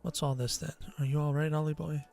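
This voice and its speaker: A man's voice: on the high side, level tone, fairly quick, gravelly, a little mellow. An actor voicing a cheeky little male fairy sidekick in a video game, talking in a brash, teasing, slangy way. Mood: puzzled. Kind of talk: video game cutscene voice acting. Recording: game audio with music behind.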